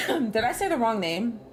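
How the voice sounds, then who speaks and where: A woman's voice: on the high side, sing-song, slow pace, a little hiss or hum. A woman streaming a game, chatting casually with frequent laughs and free swearing. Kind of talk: casual gameplay commentary.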